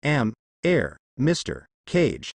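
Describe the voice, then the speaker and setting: Man reading as a slurring, gruff old drunk builder, lively lilt, dry close sound. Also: mid-range voice, moderate pace, no echo. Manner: slurred, drawling speech.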